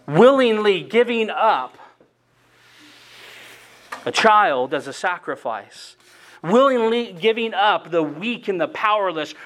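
A man with a notably high voice delivers an earnest sermon. He reads scripture aloud and presses hard on key phrases, then eases back as he explains them. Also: a bit bright. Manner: earnest expository preaching, reading scripture aloud with rising emphasis. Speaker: preacher.

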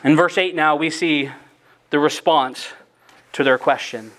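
A man's voice: a little high, measured pace, fairly bright tone. A man preaching an expository sermon, reading scripture aloud and stressing key phrases with earnest emphasis.

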